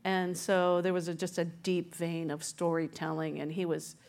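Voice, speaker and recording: A woman author and journalist recounting how she found a story, chatty and animated, with many fillers. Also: on the low side, moderate pace, vocal fry. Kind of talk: conversational storytelling interview.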